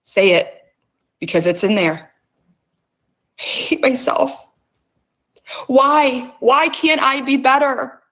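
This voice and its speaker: In a high, animated and fairly bright voice, a middle-aged woman slowly guides listeners through emotional release. She coaxes them with strong words, swearing often.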